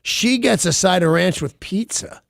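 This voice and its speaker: Gravelly, sardonic man radio host. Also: high voice, moderate pace, dry recording, clean studio sound. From United States. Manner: opinionated, sardonic asides. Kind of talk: morning radio banter.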